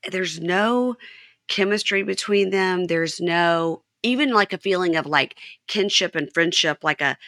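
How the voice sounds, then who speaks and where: A woman with a fairly low, pushed and bright voice speaks a little slowly while hosting a podcast. She casually recaps a reality show, retelling scenes with quoted lines, in a dry, studio-quality recording.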